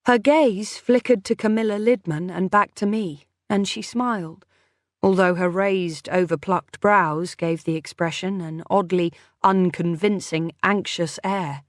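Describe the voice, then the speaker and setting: A woman narrating a first-person mystery audiobook in an even, measured way. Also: lowish voice, dry recording, studio quality.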